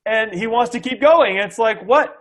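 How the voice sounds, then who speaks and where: A middle-aged man, a sales coach for SaaS appearing as a guest, explains sales tactics to an interviewer with energy. His voice is very high-pitched and a bit bright, at a normal speed. He acts out buyer dialogue and keeps checking in with "okay?".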